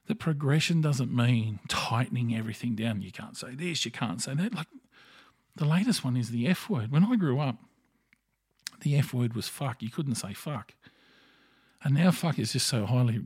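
Blunt gravelly Australian man ranting. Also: medium pitch, dry recording, clean studio sound. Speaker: podcast host. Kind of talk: opinionated solo podcast monologue.

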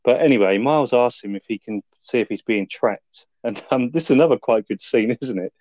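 Retelling film scenes for a review podcast, a man keeps it laid-back, swearing often and laughing through the casual recap. His voice is mid-range, with a darkish tone, and he speaks fairly quickly.

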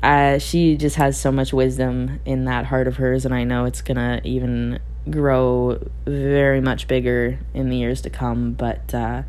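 A young woman with a low voice speaks candidly in a reflective personal monologue. She thinks aloud, restarts her sentences and laughs easily as she goes. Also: little pitch movement, unhurried, few pauses, a little mellow. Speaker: podcast host.

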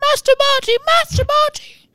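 A man voicing a frightened, sobbing female house-elf with a squeaky voice and broken grammar. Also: level tone, moderate pace, pushed and bright, dry recording, clean studio sound.

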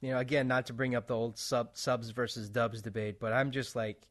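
A man talks bluntly in a casual interview. His voice sits at an ordinary pitch. He sounds exasperated, trips over repeated words and swears freely. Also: level tone, a little fast, a bit bright.

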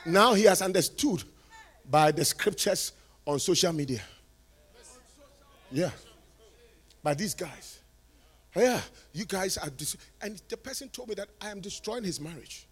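A male preacher giving a sermon, moving from quiet talk to shouted, sing-song preaching. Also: sits high, expressive, measured pace, long pauses, slightly rough. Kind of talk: sermon at a conference.

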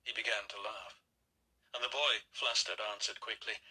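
A man narrating an audiobook in a measured, quiet storytelling manner. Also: fairly low pitch, steady tone, breathy edge, low-quality recording. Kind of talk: scripted narration.

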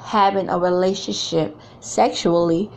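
A woman's voice: lowish voice, steady tone, measured pace, vocal fry, a little mellow. A middle-aged woman giving a blunt, emphatic talk to other women, repeating phrases for effect. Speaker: speaker addressing women. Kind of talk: candid motivational talk.

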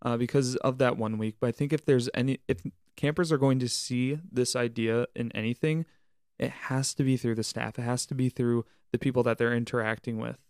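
A man's voice: mid-range voice, steady tone, a little fast, darkish tone, clean tone, no echo, clean studio sound. A young man co-hosting a podcast, talking earnestly about camp staff, leading by example and faith in everyday life. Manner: earnest, preachy, uses church wording. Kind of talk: casual reflective podcast chat.

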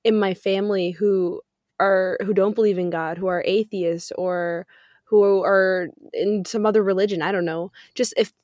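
A woman's voice: medium pitch, steady tone, moderate pace, a little mellow, dry recording, clean studio sound. A young woman co-hosting a faith podcast, talking in a heartfelt, rambling, casual way. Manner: heartfelt, rambling, laughs easily. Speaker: podcast co-host.

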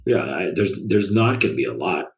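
Deep-voiced laid-back man chatting. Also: big pitch swings, brisk, slight background noise. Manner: laid-back, trails off, swears casually. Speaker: podcast co-host. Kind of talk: casual chat.

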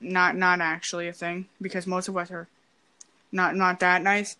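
A woman's voice: fairly low pitch, level tone, moderate pace, pushed and bright, clean tone. A young woman with a Canadian accent, chatting casually, hesitant and full of "like" fillers. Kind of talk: casual chat.

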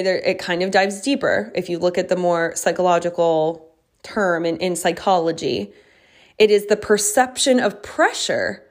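A young woman hosting a casual solo podcast as a coach, talking in a chatty, reflective way with many fillers and restarts. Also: mid-range voice.

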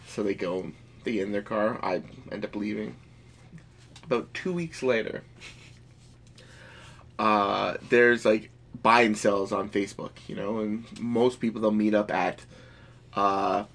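A man's voice: fairly low pitch, unhurried, vocal fry, long pauses, a bit bright, slight background noise. A man rambling through a story in casual chat, swearing freely.

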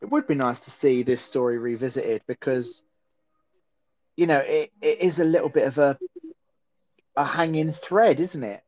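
A man's voice: medium pitch, normal speed, pauses often, darkish tone, dull audio. A man hosting a casual, jokey watch-along chat and reading out viewer messages. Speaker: host.

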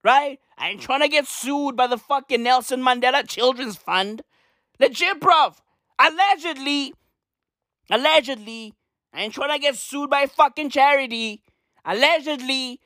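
A young man delivering a comedic rant, animated and slangy, swearing and repeating his punchlines. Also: very high-pitched, moderate pace, no echo, clean studio sound. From South Africa. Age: young adult.

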